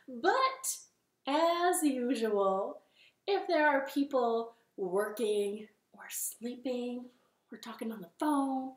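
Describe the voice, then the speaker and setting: A young woman in her living room leading a children's storytime, speaking in a gentle, encouraging way. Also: a little high. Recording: echoey home room with ukulele.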